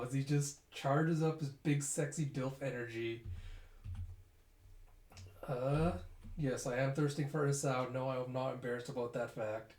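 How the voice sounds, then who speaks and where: Guy reading a manga chapter out loud, chill and chatty, mid voice, echoey room. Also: mid-range voice. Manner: casual, animated, uses sound effects and fillers. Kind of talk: casual chapter read-through with commentary. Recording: roomy echo.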